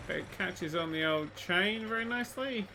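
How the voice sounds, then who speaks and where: A man giving casual let's-play commentary, excitable and sweary, swinging from quiet mutters to loud exclamations. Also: high-pitched, moderate pace, background noise. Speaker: gaming YouTuber.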